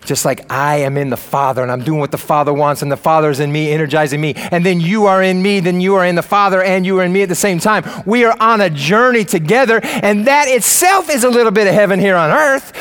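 High-voiced man preaching with swings in volume. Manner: dynamic preaching, swings from loud emphatic to low and quiet, casual slang. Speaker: pastor. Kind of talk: sermon.

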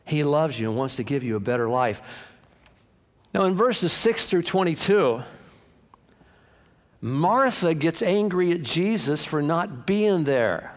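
Impassioned pastor with a high voice. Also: male voice, very animated, a little slow. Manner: impassioned, swinging from hushed to loud. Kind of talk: sermon. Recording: long hall reverb.

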